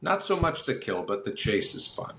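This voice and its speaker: Man, podcast guest, casual storyteller, mid-pitched voice, faint background hiss. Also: moderate pace, gravelly. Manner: lively anecdotal storyteller with acted quotes. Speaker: guest, phonograph collector.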